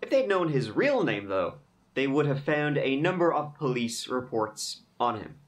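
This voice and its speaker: A man's voice: medium pitch, very animated, normal speed. A man hosting a true crime podcast, telling the case in a conversational way with wry asides. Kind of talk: casual true crime narration.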